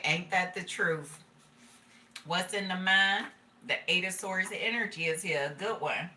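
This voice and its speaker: A woman's voice: medium pitch, sharp tone, roomy sound, distant mic. Profane, laughing woman tarot reader. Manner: profane, streetwise, joking with frequent laughs. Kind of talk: casual channeled tarot reading.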